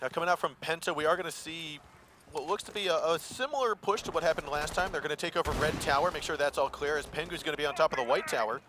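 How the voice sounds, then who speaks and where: A man calling live esports action, building up fast and loud on big plays. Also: on the high side, background noise. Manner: excitable, rises sharply on big plays. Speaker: esports caster. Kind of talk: play-by-play commentary.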